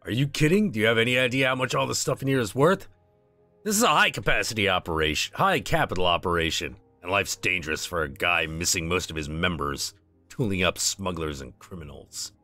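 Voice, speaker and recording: A man's voice: low voice, animated, a little fast, pushed and bright, no echo, faint music behind, exaggerated voice. A man voicing a cheerful, hungover cyber-doctor in his forties with a loose Midwestern accent, his words piling together. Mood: boastful.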